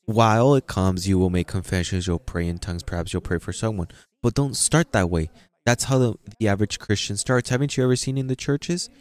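A man's voice: fairly low pitch, fairly quick, a little mellow, no echo. A man preaching a sermon, acting out the voices of churchgoers as he tells stories. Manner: acts out voices of churchgoers and God in quotes.

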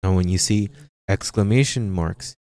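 A man with a fairly low voice preaches to his congregation, with a steady stream of amens and repeated phrases. The sound is close and dry, with no room echo. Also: normal speed. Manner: animated preaching with frequent amens and repetitions. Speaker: pastor. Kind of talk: sermon. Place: church sanctuary.

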